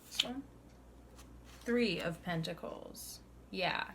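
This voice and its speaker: A woman's voice: lowish voice, slow, background noise. A young woman doing a tarot reading to camera, earnest and chatty, sighing now and then between cards. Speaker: tarot reader.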